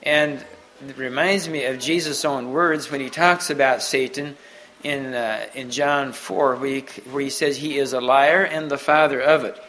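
A man giving an unscripted sermon to a Mennonite congregation, halting often and restarting his sentences. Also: medium pitch, fairly even intonation, fairly bright tone, a little hiss or hum, poor audio. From Mennonite community. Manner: halting, many restarts and repeated words. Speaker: preacher.

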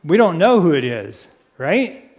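A man preaching a sermon, speaking deliberately and putting questions to his listeners. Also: a little high, big pitch swings. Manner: asks the audience questions; unhurried, deliberate. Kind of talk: sermon teaching.

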